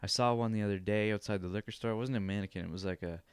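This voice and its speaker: A man's voice: fairly low pitch, steady tone, racing, smooth, dry recording. A young man hosting a podcast in casual chat, rambling, laughing often and swearing freely. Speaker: podcast host.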